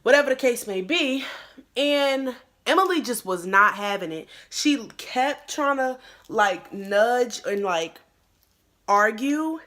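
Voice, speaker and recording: A young woman recounts a school story in casual, slang-filled chat. Her voice is bright and a little high. She acts out the quotes with punch. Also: slow pace. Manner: animated, acts out quotes in a louder voice; slangy, lots of "like" and "bro". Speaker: YouTuber.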